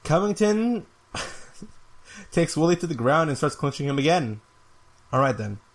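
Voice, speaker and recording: A man's voice: on the high side, very animated, a little slow. A man hosting a podcast, giving a casual, rambling fight review with an exasperated tone and lots of filler words. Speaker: podcast host.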